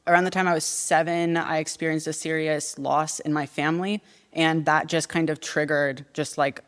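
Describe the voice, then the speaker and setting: A woman in her twenties giving formal testimony at a hearing, earnest and measured, then answering questions with some hesitation. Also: sits low, clear, resonant tone. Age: 20s. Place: legislative hearing room. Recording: long reverb of a hearing room.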